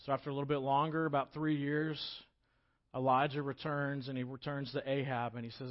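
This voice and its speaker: Speaking a little fast at a medium pitch with little pitch movement, a male pastor gives a relaxed, story-driven sermon. He talks conversationally, shifting from loud emphasis to quiet passages, and the recording has its highs cut off.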